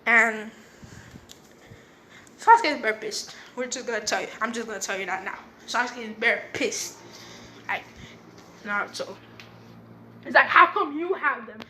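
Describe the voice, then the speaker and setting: A woman with a fairly high voice tells a made-up story in a loose, rambling way. She fills gaps with "um" and "he's like" and briefly voices each character's lines as she goes. Faint background hum sits under her voice. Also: moderate pace, pauses often, sharp tone. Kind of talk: casual spoken retelling of a fan story.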